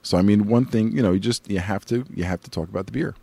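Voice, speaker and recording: A man's voice: on the low side, quick pace, gravelly, warm tone, slightly rough. A man co-hosting a casual podcast, rambling, laughing easily and chewing while he talks. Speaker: podcast co-host. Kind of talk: casual chat.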